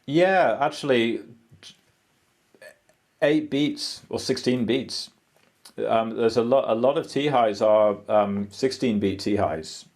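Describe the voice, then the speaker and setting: A man's voice: mid-range voice, slow pace, pauses often, a little mellow. A man guitarist explaining rhythms, singing the syllables aloud with many ums and restarts. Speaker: guitarist and music teacher.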